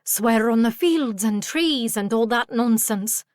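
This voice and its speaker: A woman doing a squeaky, taunting male pixie. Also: lively intonation, slow, a little mellow, dry recording, studio quality. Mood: defiant taunting. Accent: hint of Scottish. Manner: sing-song, taunting. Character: feisty cheeky male pixie, tiny and defiant.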